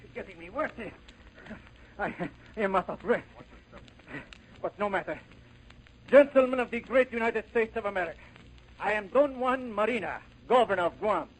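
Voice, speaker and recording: A man's voice: high voice, lively intonation, a little fast, slight background noise, low-quality recording. An actor playing a vain, pompous male Spanish island governor in 1930s radio acting, with a put-on Spanish accent and grandiose, fussy delivery. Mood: gracious. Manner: grandiose, fussy, self-important.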